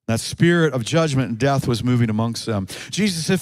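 A man preaching a sermon, moving between quick spoken stretches, slow drawn-out phrases and sudden shouted peaks. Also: medium pitch, expressive, no echo. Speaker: pastor.

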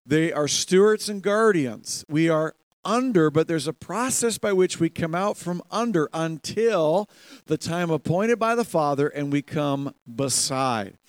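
A man preaching a sermon in a church, animated, laughing often and acting out quoted voices. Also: on the high side, unhurried, dry recording. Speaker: pastor.

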